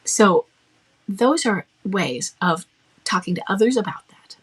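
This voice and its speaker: A woman's voice: medium pitch, animated, unhurried, breathy edge. A woman coach giving advice in a firm, matter-of-fact way, acting out short bits of dialogue. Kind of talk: advice talk.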